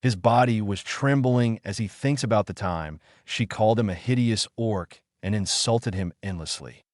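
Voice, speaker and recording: A man's voice: lowish voice, moderate pace, no room sound, studio quality. A man narrating a manga story recap in a casual storytelling manner.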